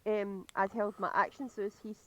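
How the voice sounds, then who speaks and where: A woman's voice: medium pitch, level tone, a little fast, a bit bright, dry recording, rough recording. A woman playing a tabletop game, playful and laughing, hesitant as she plans moves. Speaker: player.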